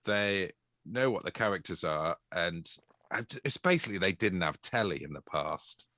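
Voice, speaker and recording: A man's voice: deep voice, animated, normal speed, bright, forceful tone, no echo, clean studio sound. A man co-hosting a podcast, bantering in a playful, jokey way. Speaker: podcast co-host. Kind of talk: comedic banter.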